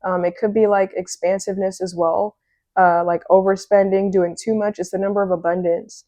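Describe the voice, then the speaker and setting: A woman giving a casual, excitable tarot reading, chatty and full of fillers. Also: mid-range voice, normal speed, no echo. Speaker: tarot reader.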